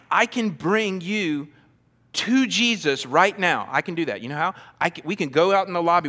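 A man's voice: high voice, bright, forceful tone, big-room sound. A male pastor preaching a sermon, earnest and emphatic, repeating phrases for stress, recorded in a large church.

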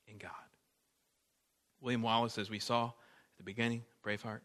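Male pastor, bright and forceful tone, animated sermon delivery. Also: mid-range voice, normal speed, pauses often. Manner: animated preaching, swings between loud emphasis and soft asides.

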